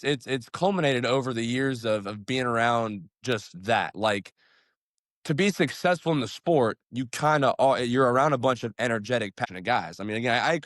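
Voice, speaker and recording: A young man, a high school football coach, talks in a casual interview, upbeat and rambling, with lots of fillers and restarts. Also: a bit bright, dry recording, studio quality.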